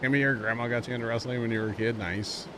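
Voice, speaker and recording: A man in his thirties chats on a game stream, piling fillers into loose, animated stories. His voice sits at an ordinary pitch. Steady noise runs under the recording. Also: racing. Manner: rambling, animated storytelling with many fillers. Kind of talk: casual chat while streaming a game. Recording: background noise.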